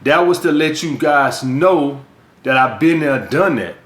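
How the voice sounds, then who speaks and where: A man's voice: on the high side, animated, unhurried. A man from the US South with a Southern accent, giving blunt, profane dating and sales advice as a coach in a vlog monologue. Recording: echoey room.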